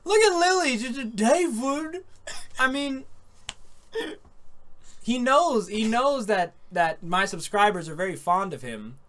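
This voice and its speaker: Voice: medium pitch, animated, slow, long pauses, a bit bright. A podcast host chatting casually about an anime, rambling and laughing often. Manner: rambling, laughs often, says dude and man.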